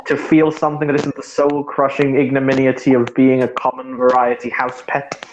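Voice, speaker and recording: A man's voice: medium pitch, completely flat delivery, brisk, roomy sound, a little hiss or hum, close to an everyday voice. A man voicing a bitter sarcastic talking cat. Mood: sardonic. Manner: dry, sarcastic, bursts into indignant shouting. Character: sardonic male talking house cat, bitter and loud. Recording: dull lo-fi home mic.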